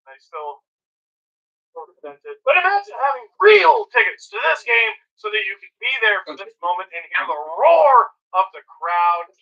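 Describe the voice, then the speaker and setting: A man's voice: high voice, big pitch swings, normal speed, bright, forceful tone, dull audio. A man hosting hockey game commentary, playful and joking, with mock sponsor reads. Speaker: hockey broadcast host. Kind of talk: comedic live game commentary.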